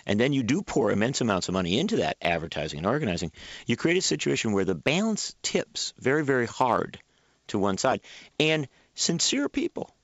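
A man speaking as a guest on a public radio talk show, making his points in an emphatic, animated way. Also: medium pitch, a little fast, dry recording, lo-fi sound. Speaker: guest commentator.

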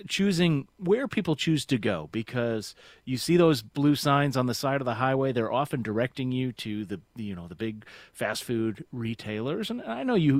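A man's voice: medium pitch, dry recording. Dry-sounding male radio host. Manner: reads listener texts aloud, measured and conversational. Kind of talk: public radio interview.

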